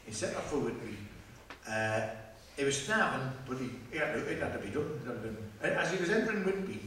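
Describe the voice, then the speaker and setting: Male storyteller, lively pitch, punning and rambling; live stage take, heard from far back in an echoey room with background noise. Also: fast. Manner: rambling, pun-filled, restarts phrases. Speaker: folk singer telling a comic story. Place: festival stage before a live audience. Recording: echoey distant festival recording with noise.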